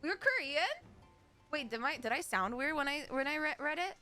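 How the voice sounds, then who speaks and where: An American woman streamer chatting casually, giggly and excitable. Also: sits high, moderate pace, faint music behind. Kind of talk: casual live-stream chat.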